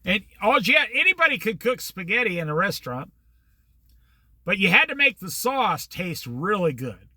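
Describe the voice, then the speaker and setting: A man's voice: sits high, very animated, normal speed, sharp tone, no room sound. An older man telling a long, rambling personal anecdote in a casual storytelling monologue, acting out the back-and-forth of old conversations. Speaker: host.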